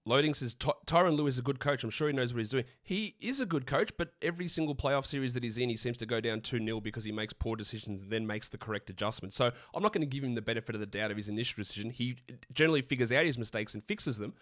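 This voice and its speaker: An Australian man co-hosting a live stream, answering viewer questions in a blunt, opinionated, rapid-fire way. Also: mid-range voice, fairly bright tone, dry recording, studio quality. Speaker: podcast co-host.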